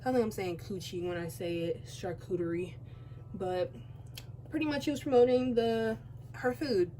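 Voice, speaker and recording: A teen beauty vlogger with a warm, higher-than-average voice chats at normal speed while doing her makeup, rambling and sidetracking herself with asides. She sounds out of breath; she's home by a window, and there's slight background noise.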